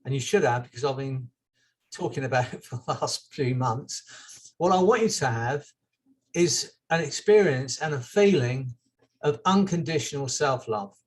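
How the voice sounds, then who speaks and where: A man, a hypnotherapist, talking to a group in a gentle, chatty way with soft laughs. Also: medium pitch, animated, normal speed. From England. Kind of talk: relaxed group therapy talk.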